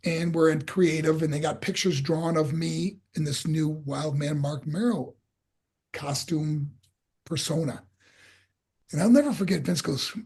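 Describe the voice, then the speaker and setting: A man's voice: fairly high pitch, unhurried, vocal fry, husky. An older man in his sixties with a crackly voice, telling stories from his career as an interview guest and acting out what people said. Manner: animated storyteller, acts out quotes. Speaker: guest, former pro wrestler. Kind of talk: storytelling interview.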